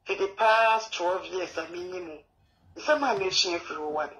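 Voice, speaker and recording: A woman's voice: fairly low pitch, unhurried, fairly bright tone, low-quality recording. A woman calling in to an advice show, rambling through her story in broken English. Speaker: caller. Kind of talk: phone-in conversation.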